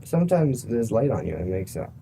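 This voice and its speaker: A man's voice: mid-range voice, sing-song, quick pace, creaky, dark tone, slight background noise. A young man hosting a casual podcast chat, joking and rambling playfully with friends in the same room. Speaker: podcast host. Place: room recorded in person.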